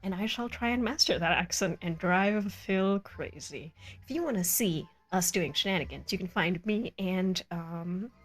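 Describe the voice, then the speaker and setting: A woman's voice: fairly low pitch, normal speed, few pauses. Woman, game master, bubbly and giggly, casual stream sign-off, faint music bed. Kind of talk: casual chat wrapping up a live tabletop stream.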